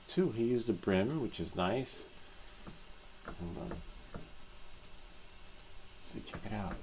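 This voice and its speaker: A man's voice: deep voice, gravelly, a little mellow, slight background noise, low-quality recording. A man hosting a live stream, chatting casually and rambling, laughing easily.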